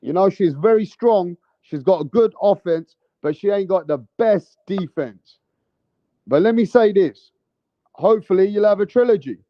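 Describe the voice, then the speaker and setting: A man's voice: high-pitched, lively intonation, normal speed, no echo, muffled recording. A man giving casual vlog commentary on boxing, with a brash, profane, heated ranting manner.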